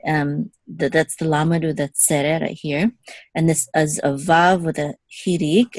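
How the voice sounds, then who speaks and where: A woman's voice: low voice, darkish tone, no room sound. A woman teaching Hebrew reading one-on-one, patiently explaining each letter and vowel and checking in with her student. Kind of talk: one-on-one lesson.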